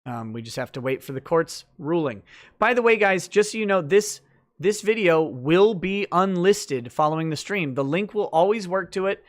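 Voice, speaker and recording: A man hosting a late-night livestream, chatting loosely through viewer comments with lots of fillers and restarts. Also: high voice.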